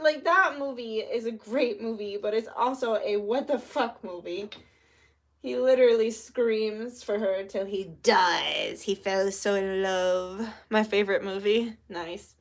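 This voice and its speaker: A young woman with a medium-pitched voice talks a little slowly as she vlogs casually, lighting candles for a spell. She's chatty and swears freely, sometimes dropping to a whisper.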